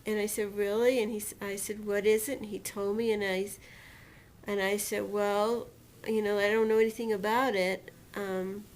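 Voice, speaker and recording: A woman recounting a painful personal experience in a storytelling manner, slowly and deliberately, acting out what was said to her. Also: medium pitch, flat delivery. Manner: emotional retelling, quotes others and herself dramatically. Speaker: personal testimonial speaker.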